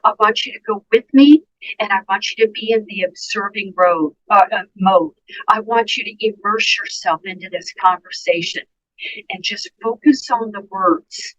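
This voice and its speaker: This woman's voice is medium in pitch and fairly bright, moving at a moderate pace over slight background noise in a low-quality recording. She's a nurse and dementia care educator appearing as a guest on a podcast interview. Earnest and emphatic, she offers advice directly to listeners.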